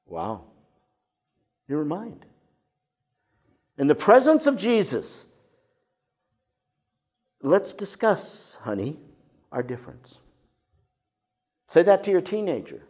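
An older male pastor delivering a sermon with a slightly higher-than-usual voice. He swings from emphatic, pointed declarations to quiet, almost whispered asides, preaching to a live congregation. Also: moderate pace, long pauses. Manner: expressive preaching, drops to soft intimate tones.

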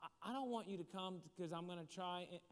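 A man telling a story as a motivational speaker, shifting from animated to hushed. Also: high voice, fairly quick. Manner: animated storytelling that drops to a hushed voice for serious moments. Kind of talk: storytelling sermon. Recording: long hall reverb.

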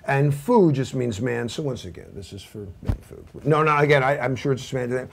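A man's voice: mid-range voice, expressive, brisk, gravelly, a little hiss or hum. A man in his fifties giving an informal, rambling training lecture, full of asides and self-deprecating jokes. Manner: rambling anecdotal, self-deprecating, many fillers and restarts. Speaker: cybersecurity instructor.

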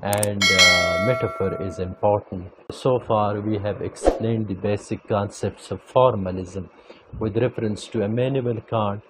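A man giving an academic lecture, speaking deliberately and repeating key phrases for emphasis. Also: on the low side, fairly even intonation, noisy background.

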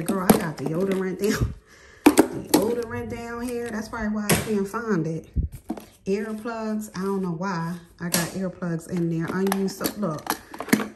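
A woman's voice: medium pitch, background noise. A woman chatting casually to camera as a beauty vlogger, laughing often and calling her viewers "girl", sitting in her home bathroom.

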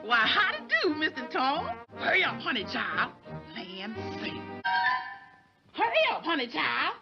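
Fussing old cartoon housemaid. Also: female voice, high voice, very animated, measured pace, vocal fry, loud music behind the voice, exaggerated voice. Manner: broad Southern drawl, scolding and fussing. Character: bossy, motherly older cartoon housemaid woman. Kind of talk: 1940s animated cartoon voice acting. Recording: dull, lo-fi 1940s cartoon soundtrack.

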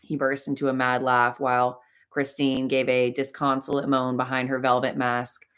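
Low-voiced woman narrating dramatically. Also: normal speed, smooth. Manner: expressive, dramatic reading. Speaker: audiobook narrator. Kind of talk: audiobook narration of a classic novel.

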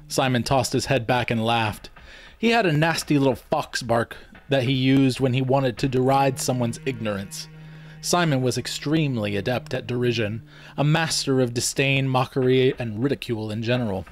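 A man reading first-person fiction aloud in a measured storytelling manner. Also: medium pitch, soft background music. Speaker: audiobook reader. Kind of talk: scripted first-person novel narration.

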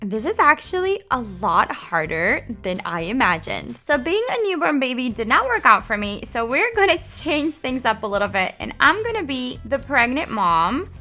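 A woman hosts a casual let's-play in a high, lively voice that swoops up and down. She sounds excitable, dramatic and giggly, with a bright, sharp tone. Faint music plays underneath. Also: normal speed, hardly any pauses. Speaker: gaming channel host.

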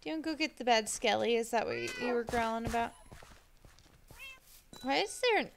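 A woman chatting casually while building in a game, gushing over the animals and cooing at them softly. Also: fairly high pitch, a little fast, vocal fry, background noise. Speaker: Minecraft builder. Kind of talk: casual gameplay commentary.

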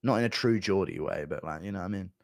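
A man streaming live and reading chat messages aloud, crude and deadpan with mumbled asides. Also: sits low, quick pace, no room sound, studio quality.

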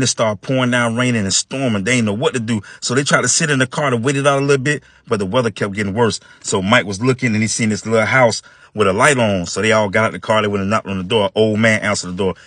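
Animated casual male joke teller. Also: medium pitch, quick pace, no room sound, clean studio sound. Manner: animated storytelling in casual dialect.

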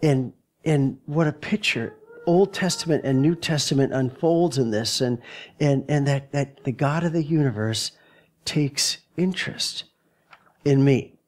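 Slow-speaking male pastor preaching. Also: medium pitch, darkish tone. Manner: halting, repeats words while searching for phrasing. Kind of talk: sermon. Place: church sanctuary.

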